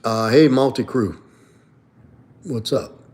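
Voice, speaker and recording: A man's voice: medium pitch, lively intonation, slow, a little mellow. Blunt, profane man streaming live. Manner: blunt, profane, reads and answers chat. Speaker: livestream host and coach. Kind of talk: casual livestream chat.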